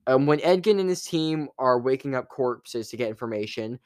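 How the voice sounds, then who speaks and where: Guy rambling thru a movie review, cussing a lot, smooth clear voice, dry sound. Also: mid-range voice, moderate pace, no room sound. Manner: rambling, swears freely, restarts and self-corrections; animated, laughs at his own stories.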